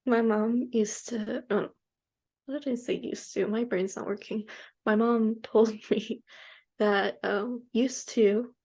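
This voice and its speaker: A woman co-hosting a podcast chats casually and hesitantly, stopping to search for words. Her voice sits a little high. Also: fairly even intonation, slow pace, a little mellow. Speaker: podcast co-host. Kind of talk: casual chat.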